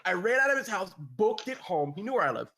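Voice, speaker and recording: Give me a high-pitched young man telling a wild story with lots of swearing. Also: quick pace. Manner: animated, profane, laughing storyteller. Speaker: podcast co-host. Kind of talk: casual storytelling.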